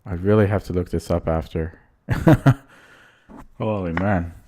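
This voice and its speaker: A man talks through his chess game live, in halting bits of thought and worried asides. His voice sits fairly low and he speaks slowly, often pausing mid-sentence to think. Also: warm tone. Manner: anxious, thinks aloud in short fragments. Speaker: chess streamer. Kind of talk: live commentary while playing online chess.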